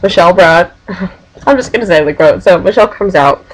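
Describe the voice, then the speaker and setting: A young woman in her college years talks straight into her webcam, chatty and a little scattered as she recaps things for her team. Her voice sits on the lower side, and she drifts into giggles and restarts. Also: lively intonation, normal speed, slightly rough, low-quality recording. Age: young adult. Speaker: Quidditch team captain. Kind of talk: casual webcam vlog.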